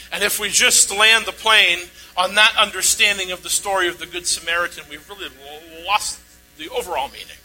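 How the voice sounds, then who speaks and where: A man's voice: sits high, pushed and bright. A man preaching a sermon, reading a scripture passage aloud and then explaining it with rising emphasis. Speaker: pastor. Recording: long hall reverb, faint noise.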